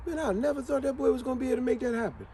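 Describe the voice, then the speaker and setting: A man voicing a proud older uncle who gushes about his nephew in a high, excited drawl. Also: very fast, a little hiss or hum.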